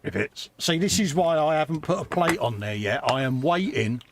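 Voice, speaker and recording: A man's voice: on the high side, lively intonation, moderate pace. Laid-back man, faint hiss behind. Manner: laid-back, matey, lots of agreeing. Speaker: co-host of a modelling stream. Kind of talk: casual chat on a live stream.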